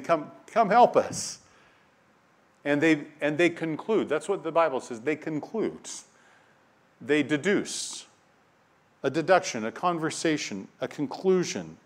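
A man preaching a sermon. He reads scripture aloud and repeats key phrases, moving between quiet passages and loud, emphatic ones. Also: medium pitch. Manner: dynamic preaching, swinging from hushed to loud and emphatic.

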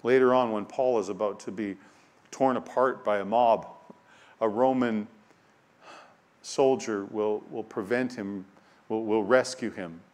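A man preaching a sermon. He reads scripture aloud and repeats key phrases, moving between quiet passages and loud, emphatic ones. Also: lowish voice, fairly even intonation, measured pace, pauses often. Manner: dynamic preaching, swinging from hushed to loud and emphatic.

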